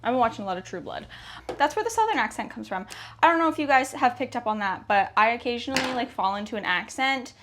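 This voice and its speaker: A woman's voice: a little high, expressive, a bit bright, a little hiss or hum. A young Canadian woman chatting casually to her viewers while she sews at home, talking herself through each step. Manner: chatty, self-talking while working, quick exclamations. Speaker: sewing vlogger. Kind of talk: casual sew-along chat.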